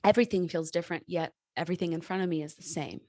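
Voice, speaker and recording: A woman hosting a podcast in casual chat. She talks in an animated way, swears freely and laughs often. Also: fairly low pitch, very fast, dry recording. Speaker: podcast host.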